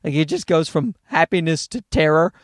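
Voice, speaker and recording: High, lively, profane podcast host. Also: male voice, normal speed, dry recording, clean studio sound. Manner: rambling, profane, self-mocking storytelling with many restarts. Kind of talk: casual solo podcast monologue.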